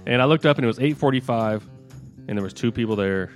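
A man's voice: mid-range voice, fast talker, faint music behind. A man in casual podcast chat, telling a rambling story and laughing mid-story.

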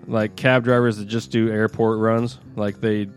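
A man's voice: lowish voice, flat delivery, a little slow, faint music behind. A man in casual podcast chat, telling a rambling story and laughing mid-story.

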